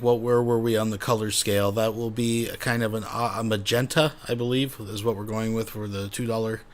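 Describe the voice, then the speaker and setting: A man hosting a live stream, answering donations in a dry, mock-formal way. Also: mid-range voice. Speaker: stream host reading donations. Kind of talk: casual live-stream chat.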